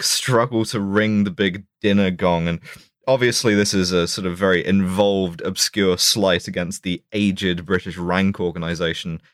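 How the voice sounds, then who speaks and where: A man's voice: low voice, no room sound, studio quality. A man co-hosting a podcast, riffing on a film in mock-academic irony, with many fillers and restarts. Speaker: podcast co-host. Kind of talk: casual comedic film review chat.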